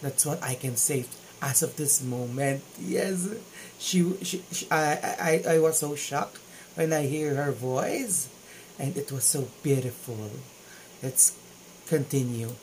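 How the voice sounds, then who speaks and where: A man's voice: medium pitch, slow pace, darkish tone, slight background noise, poor audio. A man with a Filipino accent hosting a casual reaction video, gushing with exclamations of amazement. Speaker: YouTube reaction vlogger.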